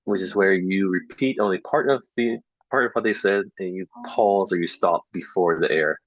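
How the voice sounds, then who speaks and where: A man giving a casual online lesson on speaking feedback, talking in a relaxed way with lots of fillers and repeating student errors to demonstrate them. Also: low-pitched, normal speed, no room sound. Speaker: English teacher trainer. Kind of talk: casual online teaching talk. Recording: dull lo-fi dry online recording.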